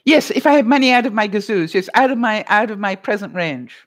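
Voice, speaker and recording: A woman's voice: mid-range voice, lively intonation, a little fast. A middle-aged woman hosting a live stream, chatting casually with viewers in a rambling way, with frequent laughs and many fillers. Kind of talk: casual chat reading viewer comments.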